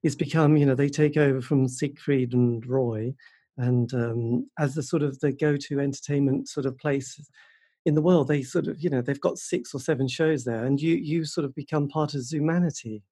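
Husky man interviewing, hedging. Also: mid-range voice, fairly even intonation, moderate pace, mellow. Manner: hesitant, hedging with many fillers. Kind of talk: casual interview.

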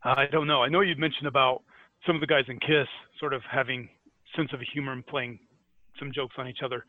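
A man's voice: medium pitch, fairly even intonation, brisk, no room sound, phone-quality sound. A man with a Scottish accent, a podcast co-host telling music history stories in casual chat, with many fillers and easy laughs. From Scotland.

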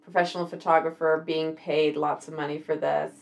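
A woman's voice: deep voice, level tone, a little fast, gravelly. A woman hosting a casual chat, thinking aloud hesitantly with many fillers.

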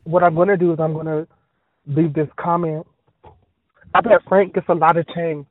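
Man, high voice, rambling and scattered, tinny dry phone-like sound. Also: little pitch movement, normal speed, dry recording. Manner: scattered, full of fillers and trailing asides. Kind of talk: rambling monologue.

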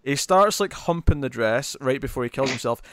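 A man's voice: medium pitch, expressive, a little fast, a bit bright, dry recording, studio quality. A man hosting a casual podcast chat about comics and movies, rambling and laughing often. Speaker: podcast host.

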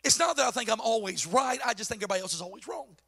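A male pastor preaching a sermon. He drops to low asides, then shouts his points, and mocks the voices he quotes. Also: expressive, racing, gravelly, breathy edge. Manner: acts out quoted voices mockingly.

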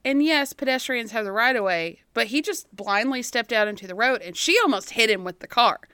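Thirties woman co-host, high pitched, animated, dry recording. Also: brisk, smooth, no echo. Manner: animated, laughs often. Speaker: podcast co-host. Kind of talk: casual chat, anecdote.

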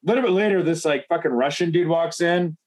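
A man's voice: a little high, fast talker, darkish tone. A man telling a bar story in casual chat, rambling and profane with many fillers. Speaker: guest.

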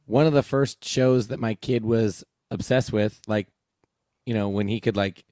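A man in his thirties chatting casually as a podcast co-host, telling lively stories and jumping up in pitch when he quotes people. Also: measured pace, no room sound, studio quality. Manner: animated storyteller, jumps high when quoting others. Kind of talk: casual chat.

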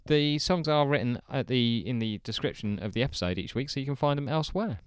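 A man's voice: medium pitch, fairly quick, smooth, dry recording. A man hosting a podcast, chatting in a rambling, friendly way and correcting himself as he goes. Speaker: podcast host. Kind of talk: casual podcast sign-off.

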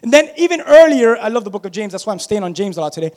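A male pastor with a very high voice preaches to his congregation, lively and full of personal stories, calling out for amens. His voice rings with a long reverb from a large church hall. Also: rapid-fire. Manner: animated, tells personal stories and calls out to the congregation. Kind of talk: sermon. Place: church sanctuary.

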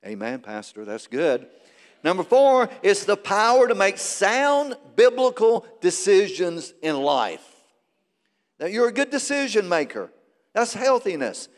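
A man preaching a sermon as pastor, swinging between loud peaks and quiet asides. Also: high voice, very animated, unhurried. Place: large church hall. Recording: long reverb of a big sanctuary.

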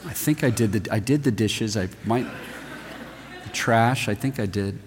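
A man preaching a sermon, telling stories with sudden swings from loud emphasis to a hushed, near-whispered voice. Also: fairly low pitch, moderate pace, a little hiss or hum. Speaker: pastor. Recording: long reverb of a large hall.

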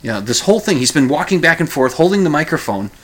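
A man's voice: sing-song, fast talker, a bit bright. A man hosting a podcast, retelling a story in a casual, rambling way, correcting himself and chuckling as he goes. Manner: rambling, self-correcting, chuckles while recounting; acts out quoted lines in a higher voice. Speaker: podcast host.

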